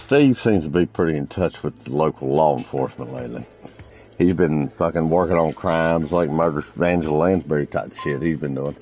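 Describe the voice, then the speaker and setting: A man's voice: rumbling low, a little fast, darkish tone, soft background music. A man streaming a multiplayer game, chatting casually and crudely with friends, telling rambling stories and teasing them. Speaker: gaming streamer.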